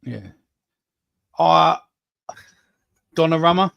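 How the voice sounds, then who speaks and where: A man's voice: on the high side, drawn-out words, vocal fry, a bit bright, smooth, no echo, dull audio. A man hosting a football podcast, joking crudely and calling everyone "mate". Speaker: podcast host. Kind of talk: casual banter reading out names.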